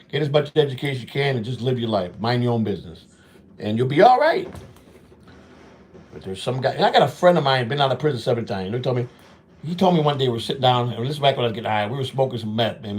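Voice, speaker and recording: A middle-aged man hosting a walk-and-talk show, telling street stories bluntly and with lots of swearing, acting out both sides of old arguments. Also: mid-range voice. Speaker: show host.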